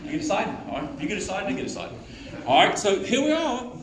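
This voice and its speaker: A man giving a sales training talk to a live audience, quizzing the crowd and acting out sales pitches. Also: big pitch swings, fast, fairly bright tone, recorded from a distance. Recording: roomy hall echo with faint noise.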